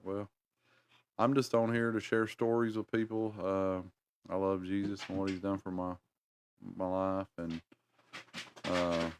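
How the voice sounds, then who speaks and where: Deep-voiced North Carolina country man. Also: slight background noise. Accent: Southern US, North Carolina. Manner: rambling, folksy, chuckling, talks to viewers. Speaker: livestream host. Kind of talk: casual livestream chat.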